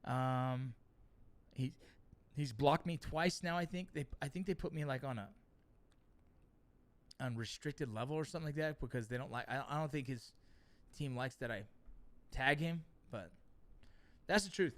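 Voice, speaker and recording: A middle-aged man hosting a livestream, reading chat and telling stories in a casual, profane, animated way. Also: mid-range voice, moderate pace, pauses often.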